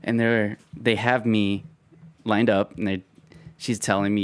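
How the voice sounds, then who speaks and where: A man's voice: fairly low pitch, a little slow, clear, resonant tone. A young man in casual chat, telling a school story with lots of swearing and laughter. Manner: animated storyteller, laughs a lot, swears freely.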